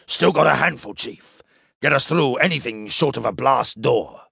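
A man reading a story, voicing Ansel, a small male crew member, in a gravelly, husky voice. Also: medium pitch, lively intonation, normal speed, a bit bright, dry recording, studio quality, heavily acted. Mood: assured.

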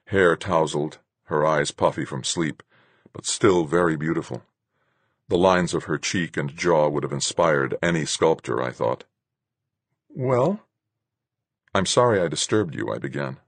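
A man with an extremely deep, husky voice narrates a first-person story. His delivery is measured and even. The recording is close and dry, with no room sound. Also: dry recording. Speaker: audiobook narrator.

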